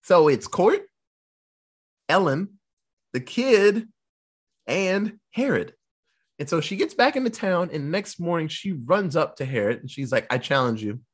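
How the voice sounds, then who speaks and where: Male co-host, casual film recap, expressive and husky, slips into character voices. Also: high-pitched. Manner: animated storytelling, quick voice switches for characters, laughs often. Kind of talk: casual movie recap chat.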